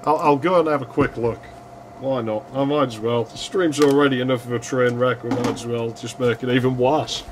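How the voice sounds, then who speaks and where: A man casually commenting while streaming a retro game, swearing freely and yelling at the screen now and then. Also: medium pitch, fairly even intonation, moderate pace, noisy background.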